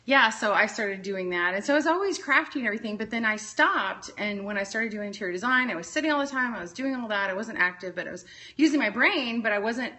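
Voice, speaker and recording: A woman from Texas with a bright, forceful voice tells her story in a casual chat. She rambles and skips between tangents as she goes. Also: a little high, lively intonation, fast talker, a little hiss or hum. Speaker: interview guest. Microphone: phone livestream.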